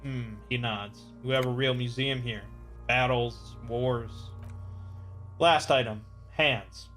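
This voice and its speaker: Male let's player, dry deadpan reader of game dialogue, soft music under. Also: mid-range voice, slow pace. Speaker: let's play narrator. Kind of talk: reading game text aloud.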